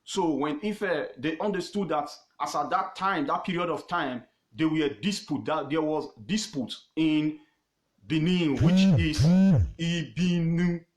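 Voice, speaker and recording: Nigerian man lecturing in a roomy space. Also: fairly high pitch. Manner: emphatic, repeats words, pauses with fillers. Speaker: host teaching history on his page. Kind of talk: informal history lecture.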